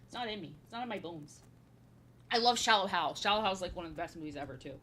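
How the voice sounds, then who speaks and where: Woman, 30s, streamer; bright, forward tone, rambling and repetitive, goofy casual chat. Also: lowish voice, lively intonation, fast talker. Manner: rambling, repeats her own phrases; playful, slips into silly voices. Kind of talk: casual chat while painting.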